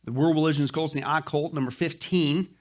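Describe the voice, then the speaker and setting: A man's voice: on the high side, fairly even intonation, brisk. A middle-aged male pastor giving jokey, folksy church announcements to his congregation, with lots of "uh" fillers. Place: church sanctuary.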